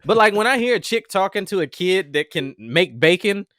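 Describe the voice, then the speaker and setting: A man in his thirties co-hosting a casual podcast with a high, very lively voice. He gives blunt, opinionated takes and mocks others' speech for laughs. The sound is dry and close. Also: moderate pace, clear, resonant tone, no echo. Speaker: podcast co-host. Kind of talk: casual chat.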